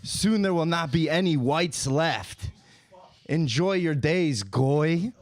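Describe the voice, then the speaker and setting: A man doing a slow, hammy cartoon villain. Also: a little high, lively intonation, dry recording. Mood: menacing. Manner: slow, menacing, melodramatic pronouncements. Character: grandiose theatrical male villain.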